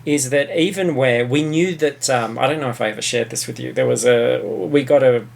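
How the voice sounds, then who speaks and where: Blunt, gravelly Australian man. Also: medium pitch, moderate pace, a little hiss or hum. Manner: opinionated, blunt, swears freely. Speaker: podcast co-host. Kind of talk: casual film review chat.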